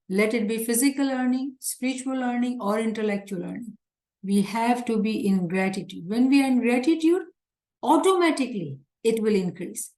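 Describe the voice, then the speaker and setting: A woman's voice: fairly high pitch, reverberant. A woman teaching a religious lecture in an earnest, emphatic way, often repeating her points. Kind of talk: religious lecture explaining scripture.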